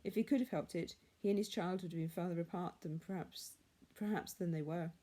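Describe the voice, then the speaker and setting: Woman storyteller, measured and hushed, lower mellow voice. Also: steady tone. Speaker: reader. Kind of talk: storybook reading.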